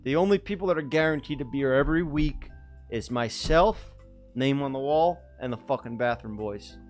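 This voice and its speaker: A man's voice: medium pitch, moderate pace, faint music behind. A young man hosting a podcast in casual chat, joking loosely and swearing freely. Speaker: podcast host.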